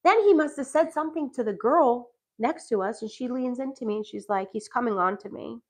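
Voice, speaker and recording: A woman's voice: high-pitched, fairly quick, poor audio. A middle-aged woman casually telling a story, laughing often and acting out what people said. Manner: animated, laughs often, acts out quoted lines. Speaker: podcast host telling a dating story.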